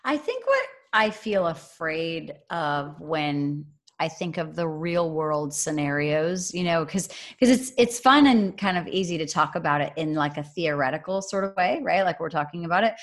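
A woman's voice: low-pitched, moderate pace. Chatty woman telling a faith story. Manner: chatty, animated storytelling with many fillers. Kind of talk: casual faith chat.

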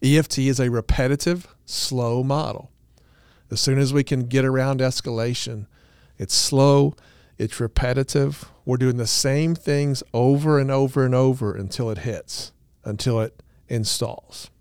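A man's voice: mid-range voice, fairly even intonation, measured pace, a little mellow, smooth, no room sound. A man co-hosting a therapy podcast, explaining ideas in an earnest, easygoing way with dry self-deprecating humor. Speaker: podcast co-host, couples therapist. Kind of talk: casual podcast talk.

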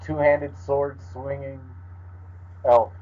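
A man's voice: medium pitch, level tone. A man co-hosting a podcast in casual chat, wry and joking as he riffs. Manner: wry, joking, quick to riff. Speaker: podcast co-host. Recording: dull lo-fi audio.

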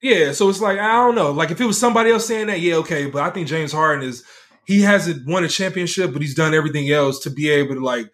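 A man chats about sports in a loose, rambling way, filling his sentences with "like" and "you know." His voice sits somewhat high. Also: fast talker, fairly bright tone. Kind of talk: casual sports chat.

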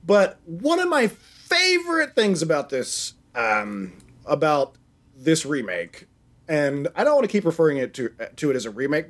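A man in his thirties walks through a film's plot on a casual podcast, his voice pitched slightly high. He rambles, swears and keeps the telling animated. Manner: rambling, profane, animated retelling with laughs. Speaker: podcast co-host. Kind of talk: casual movie chat.

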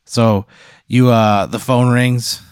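A man hosting and casually narrating an improvised scenario step by step, in a deadpan way. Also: medium pitch, takes it slowly, clean tone, no echo, studio quality. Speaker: host running an improvised scenario.

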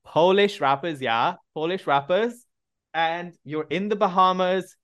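A man's voice: sits high, a bit bright. Playful man hosting an acting game. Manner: playful, gives quick directions. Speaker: podcast host running an acting game. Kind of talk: casual banter with guests.

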